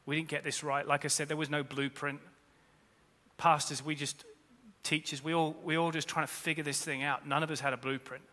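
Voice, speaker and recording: A man's voice: a little high, flat delivery, brisk, bright, forceful tone. A man, a pastor, preaching a sermon in earnest, repeating key phrases for weight. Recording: long reverb of a large hall.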